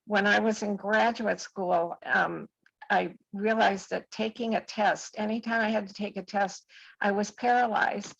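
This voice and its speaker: A woman in her seventies giving an earnest, halting personal testimony on a group video call. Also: medium pitch, steady tone, creaky, fairly bright tone, no echo, lo-fi sound. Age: 70s.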